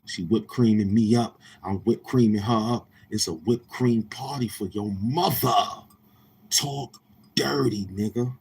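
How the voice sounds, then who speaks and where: Brash low-voiced New York man. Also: moderate pace, hardly any pauses, mellow, slightly rough. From Queens, New York. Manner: brash, profane, confrontational. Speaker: livestream host. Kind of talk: casual livestream chat with viewers.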